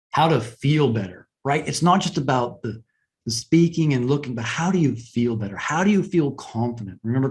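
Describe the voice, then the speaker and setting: A man giving a webinar lesson on presentation skills in a conversational way, often asking "right?" and pausing to stress points. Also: medium pitch, a little mellow.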